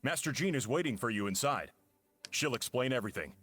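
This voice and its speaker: An actor playing a polite knight officer, with a smooth announcer-like delivery. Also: male voice, mid-range voice, sing-song, fairly quick, fairly bright tone, dry recording. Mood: formal.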